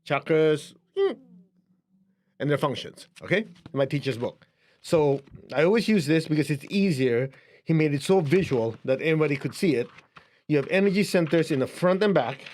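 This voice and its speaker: A man with a Chinese accent teaches in a loose, conversational way, his voice sitting a little higher than most men's. He chuckles lightly as he explains things, like a spiritual teacher talking to a class. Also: expressive, normal speed, darkish tone. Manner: conversational, chuckling, shows a book to camera. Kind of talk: casual teaching talk to camera.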